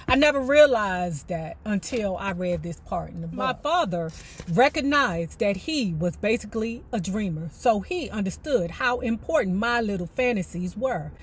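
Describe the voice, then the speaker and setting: A woman reading a memoir aloud and breaking off into animated, colloquial commentary. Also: medium pitch, breathy edge. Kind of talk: book reading with casual commentary.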